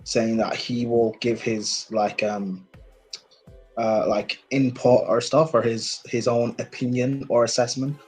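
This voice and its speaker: Husky, hesitant male co-host. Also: mid-range voice, little pitch movement, takes it slowly, a little mellow, faint music behind, low-quality recording. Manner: hesitant, many fillers and restarts. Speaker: football podcast co-host. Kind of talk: casual live-stream chat.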